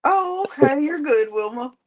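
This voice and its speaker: A woman's voice: high voice, expressive, normal speed, darkish tone. A woman in a casual panel chat, patiently explaining things step by step.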